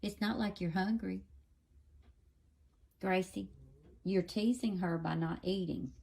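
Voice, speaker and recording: A woman's voice: medium pitch, takes it slowly, creaky, a little mellow, husky. A woman filming at home with a phone camera, coaxing and scolding her dogs in pet-talk. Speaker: dog owner filming her pets. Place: home indoors.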